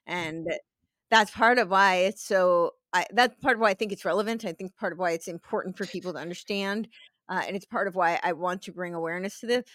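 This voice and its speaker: A woman's voice: fairly low pitch, fairly quick, a bit bright, no echo. Woman podcast host with a dry sound. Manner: reflective, earnest, laughs easily. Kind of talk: podcast conversation.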